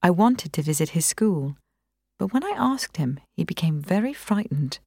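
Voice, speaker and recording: A woman reading a first-person novel aloud in a calm, measured way. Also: lowish voice, gravelly, dry recording, studio quality. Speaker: narrator. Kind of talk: audiobook reading.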